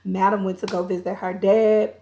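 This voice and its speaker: A woman with a gravelly, fry-tinged voice at an ordinary pitch retells a TV episode in casual, chatty fashion. She jumps into quoted lines from the characters and breaks off for her own opinions. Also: level tone, normal speed, noisy background. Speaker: TV show reviewer.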